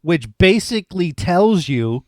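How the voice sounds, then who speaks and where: A man's voice: sits high, very animated, measured pace, dry recording, clean studio sound. A man co-hosting a podcast, chatting eagerly about a film and rambling with fillers. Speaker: podcast co-host. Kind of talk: casual movie review chat.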